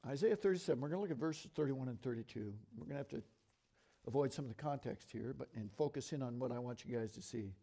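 A middle-aged man teaching from scripture to a congregation in a lively, conversational way, asking the room questions as he goes. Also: medium pitch, gravelly. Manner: lively, conversational, talks fast and asks the audience questions. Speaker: bible teacher.

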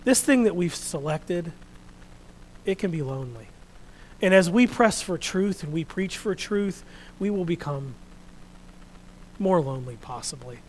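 A man preaching a sermon, reading scripture out loud and then talking quietly and earnestly to his congregation. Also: sits high, lively intonation, measured pace, pauses often, a little hiss or hum, poor audio. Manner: reads scripture loudly, then speaks quietly and reflectively.

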